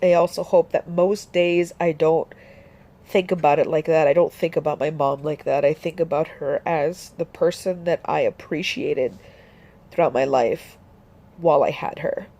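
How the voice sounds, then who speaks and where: A young woman talking about her grief in a personal vlog, halting, with many restarts and fillers. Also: low voice, fairly even intonation, warm tone. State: grieving, voice dropping soft. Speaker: vlogger.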